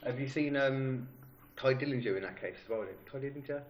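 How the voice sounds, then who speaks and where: A quick-talking man hosting a relaxed podcast conversation, chatty and quick to laugh. His voice rings in a noticeably echoey room. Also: medium pitch. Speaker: podcast host. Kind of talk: casual chat.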